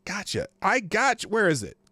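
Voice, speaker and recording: A man hosting a live news stream chats casually, greeting viewers by name and often trailing off mid-sentence. His high voice swoops wildly in pitch at a moderate pace with a sharp tone, in echo-free, studio-quality sound.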